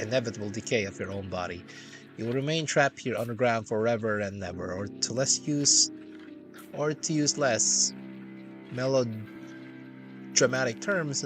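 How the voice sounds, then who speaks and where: Guy reading a text game on stream, kinda low voice, cracks wry jokes, game music playing. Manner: wry slangy asides between narration.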